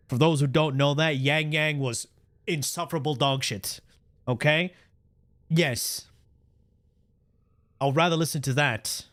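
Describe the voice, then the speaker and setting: A man livestreaming and reacting in a casual chat, animated and profane, with his pitch swinging up and down. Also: no room sound.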